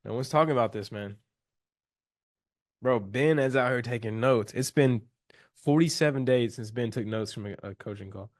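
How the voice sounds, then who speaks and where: A man's voice: mid-range voice, normal speed, dry recording, studio quality. A young man coaching on a live call, loose and slangy, talking with enthusiasm and restarting his sentences.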